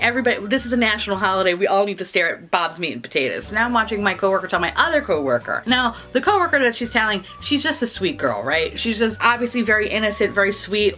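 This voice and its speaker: Animated, bright-voiced New York woman. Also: medium pitch. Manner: animated, profane, laughing storyteller. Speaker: beauty vlogger. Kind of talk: casual storytelling.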